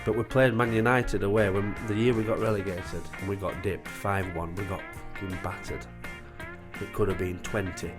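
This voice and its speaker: A man's voice: fairly low pitch, moderate pace, over music. A man, a former goalkeeper telling a sweary, laughing anecdote. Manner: loud, animated, sweary, laughing storyteller.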